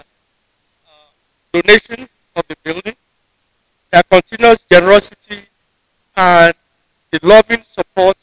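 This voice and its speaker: A man with a Nigerian English accent delivers a formal ceremonial address, pitched high for a man. He speaks in a measured, deliberate way and often restarts a phrase mid-sentence. The sound is dry and close, with little room echo. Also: a bit bright, clear, resonant tone. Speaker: university official giving a convocation address. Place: ceremony venue.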